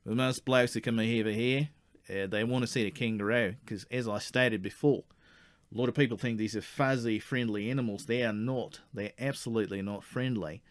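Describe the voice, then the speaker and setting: A man's voice: medium pitch, steady tone, moderate pace, no echo, close to an everyday voice. A man playing a brash Aussie outback guide. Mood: matter-of-fact. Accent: Australian. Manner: blunt, slangy, stammers when worked up. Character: brash male Australian outback guide, touchy. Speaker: tour guide. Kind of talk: comedy sketch acting.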